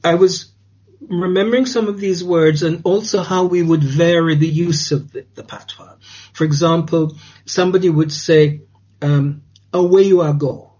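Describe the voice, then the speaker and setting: An older man from Jamaica, reminiscing thoughtfully and unhurriedly about his childhood, with frequent restarts and pauses. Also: fairly high pitch, steady tone, a little mellow, breathy edge. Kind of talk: reflective oral-history recollection. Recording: dull lo-fi recording.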